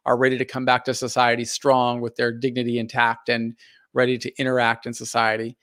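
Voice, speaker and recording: A man's voice: mid-range voice, completely flat delivery, brisk, a bit bright, no echo, clean studio sound. Earnest man hosting a live stream. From United States. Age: middle-aged. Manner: earnest, thoughtful, with frequent fillers and restarts. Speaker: live stream host reading viewer comments. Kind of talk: casual live stream talk.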